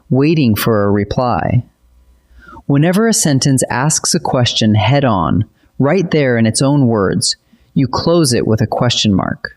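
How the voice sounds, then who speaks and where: A man narrates a scripted grammar lesson with a steady, clear delivery. His voice sits in an ordinary middle pitch. He explains each point patiently, like a teacher walking a class through examples.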